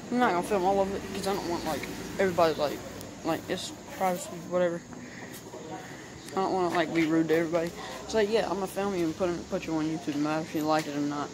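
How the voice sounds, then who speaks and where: A young man with a light Southern US accent, rambling through a casual home vlog on a handheld camera, full of "like" fillers. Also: high-pitched. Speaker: vlogger. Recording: noisy home video.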